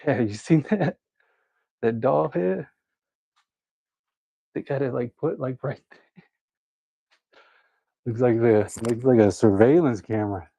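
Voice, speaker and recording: A man's voice: medium pitch, slow, vocal fry, pauses often, mellow, no echo, dull audio. A man chatting casually to viewers while he works out at home, joking, laughing often and counting his reps aloud. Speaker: fitness vlogger. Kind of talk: casual chat during a workout.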